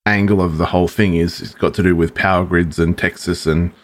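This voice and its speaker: A man with a fairly low voice, chatting on a podcast. He stumbles and repeats words as he gets going, then riffs in long run-on stretches. He often checks in with the others as he talks. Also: fairly even intonation, a little fast. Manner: hesitant, repeats words, conspiratorial riffing. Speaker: podcast co-host. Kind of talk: casual chat.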